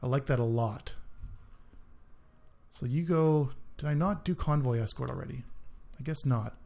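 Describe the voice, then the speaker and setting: A man's voice: mid-range voice, moderate pace, gravelly, dark tone. A man hosting a gaming channel, giving casual let's-play commentary on a strategy game, thinking aloud and often trailing off mid-sentence.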